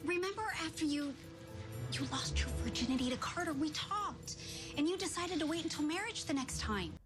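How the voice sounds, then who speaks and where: High-voiced teen girl in a TV clip. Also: expressive, fairly quick. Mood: reproachful. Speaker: television drama character. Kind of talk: scripted TV drama dialogue. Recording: TV clip with loud music. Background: loud background music.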